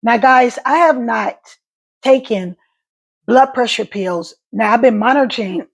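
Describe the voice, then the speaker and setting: Middle-aged woman vlogger, gravelly and husky, halting and repetitive, voice catches. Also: fairly high pitch. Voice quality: voice catches and crackles when emotional. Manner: halting speech with repeated words. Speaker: stroke survivor vlogger. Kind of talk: casual talk to camera.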